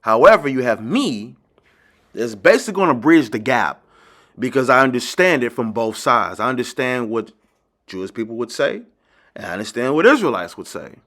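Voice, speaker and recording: A man's voice: mid-range voice, very animated, moderate pace. A man hosting a lecture-style video lesson, emphatic and insistent, repeating key phrases and speaking straight to his viewers. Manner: addresses viewers directly as ladies and gentlemen. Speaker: teacher and channel host.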